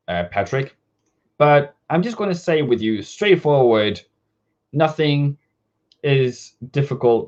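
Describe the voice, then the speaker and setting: Man, live trading analyst; casual, straight-talking, lively pitch, dull lo-fi audio. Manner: casual, direct, talks to viewers as "bro" and "my brother". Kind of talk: live market analysis stream.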